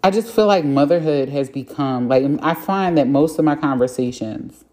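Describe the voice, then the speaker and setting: Very low-voiced, mellow frank woman. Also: normal speed. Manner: frank, reflective, with casual swearing and many fillers. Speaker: podcast host. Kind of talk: candid solo podcast monologue.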